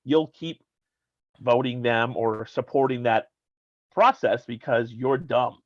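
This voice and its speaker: A man's voice: mid-range voice, takes it slowly, dry recording. A man co-hosting an internet radio show, chatting casually and rambling with frequent restarts. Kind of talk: casual chat. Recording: slightly dull dry sound.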